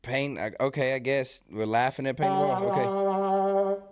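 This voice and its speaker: A man's voice: medium pitch, expressive, a little slow, darkish tone, clean tone, no room sound, studio quality, soft background music. Profane trash-talking male streamer. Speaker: live stream host reacting to clips. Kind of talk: casual live stream chat.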